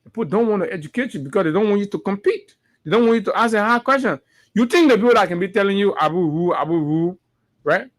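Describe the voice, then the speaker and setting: A man with a Liberian English accent delivers fervent political commentary as a morning show host. His voice sits high for a man. He keeps hammering his points home by repeating phrases. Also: fast. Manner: preachy, repeats phrases for emphasis.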